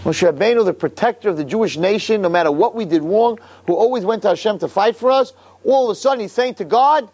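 A man teaching a Torah class, emphatic and animated, repeating words and firing off rhetorical questions. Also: high-pitched, fast, breathy edge.

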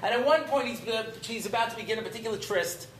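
Middle-aged rabbi guy, high voice, joking lecture, echoey room. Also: fast talker, fairly bright tone. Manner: humorous, digressive, mixes in Hebrew terms. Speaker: rabbi teaching a class. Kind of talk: informal Torah lecture. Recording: roomy echo, faint room noise.

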